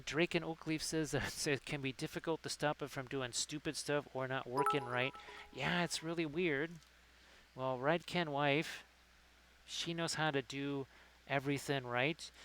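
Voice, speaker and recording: A man with a clear, resonant voice hosting a casual livestream. He rambles from one thing to the next and reads viewers' messages aloud. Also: mid-range voice, fairly bright tone, rough recording. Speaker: livestream host. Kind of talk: casual chat while painting.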